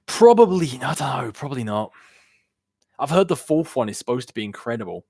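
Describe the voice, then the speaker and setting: A man's voice: mid-range voice, big pitch swings, fairly quick, dark tone, husky, no echo, clean studio sound. A young man chatting casually on a gaming live stream, rambling loosely and answering viewer questions from chat. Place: home room. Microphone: worn-out desk microphone.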